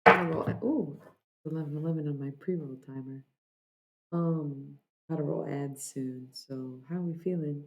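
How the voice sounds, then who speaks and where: A woman's voice: low-pitched, normal speed, muffled recording, noisy background. A woman streamer who reads tarot, chatting casually and directly with her live-stream chat at a desk microphone. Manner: laid-back, chatty, addresses chat directly.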